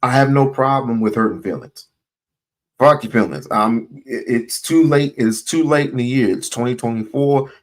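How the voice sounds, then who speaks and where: A man's voice: mid-range voice, normal speed. A man hosting a livestream, talking loosely and bluntly, swearing and repeating his points. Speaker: livestream host. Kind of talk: casual livestream talk.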